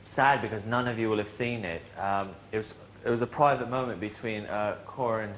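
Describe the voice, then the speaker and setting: A man's voice: on the low side, fairly even intonation, moderate pace, a bit bright, slight background noise. A young man, a reality show housemate, telling a funny story in casual chat, rambling and restarting as he goes.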